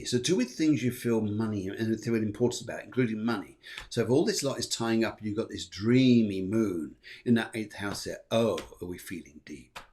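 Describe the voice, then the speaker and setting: A middle-aged man hosts a live astrology show. He talks casually, rambles, jokes and thanks his viewers. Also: fairly low pitch. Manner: jokey, rambling, warm thanks to viewers, puts on silly voices. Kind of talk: chatty live-stream horoscope reading.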